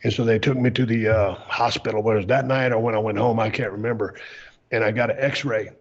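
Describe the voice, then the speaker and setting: A middle-aged man hosting a podcast, explaining a story in a relaxed, plainspoken way. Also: fairly low pitch, fast, breathy edge, lo-fi sound. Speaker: podcast host. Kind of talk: casual storytelling chat.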